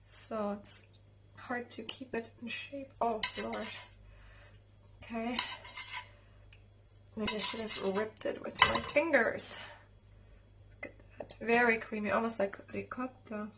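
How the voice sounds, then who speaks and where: German woman home cook vlogging in her kitchen, kinda high voice, excitable and chatty. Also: slow, pauses often, noisy background. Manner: chatty and excitable, talks to viewers while cooking. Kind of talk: casual cooking vlog.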